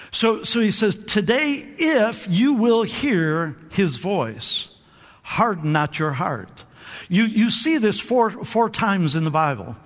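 A male pastor preaching a sermon with lots of energy, calling on the congregation to answer back and often repeating his words as he restarts. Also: sits high. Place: church sanctuary. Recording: long hall reverb.

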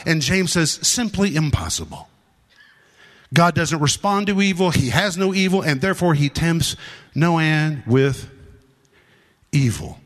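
A man's voice: fairly high pitch, animated, measured pace, long pauses, fairly bright tone. A man preaching a sermon, emphatic and repetitive, stressing his points and acting out the scripture he quotes. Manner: emphatic, repeats lines for stress.

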